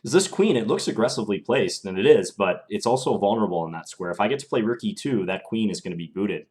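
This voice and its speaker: A young man narrates his own chess games live, thinking aloud in an easy, analytical way. His voice sits a little low, and he speaks as if recording at a desk microphone. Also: fast talker, darkish tone. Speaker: chess streamer.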